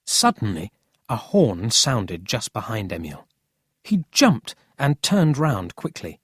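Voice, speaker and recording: Storybook narrator, slow, lively pitch, husky, dry sound. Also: no room sound. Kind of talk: storybook reading for English learners.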